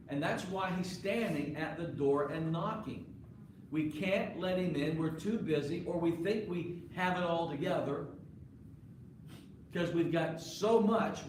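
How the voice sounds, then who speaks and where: A man's voice: a little high, slight background noise. A male pastor preaching a sermon to his congregation in a conversational way, often putting questions to the listeners. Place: church sanctuary. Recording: echoey live church recording from far off.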